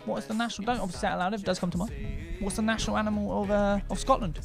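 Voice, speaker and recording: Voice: medium pitch, steady tone, racing, gravelly, music in the background. A quiz host on a casual livestream, teasing and joking between questions.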